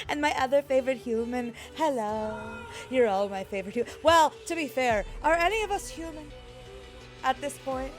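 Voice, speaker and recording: A woman streaming and chatting casually, rambling and reading chat aloud, her voice croaky and worn out. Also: high-pitched, brisk. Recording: faint music underneath.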